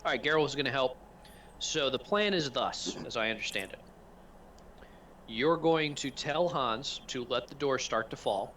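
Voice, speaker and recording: A man acting as game master for a tabletop game, talking over a gaming headset in a relaxed way, explaining things step by step. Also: medium pitch, moderate pace, slight background noise.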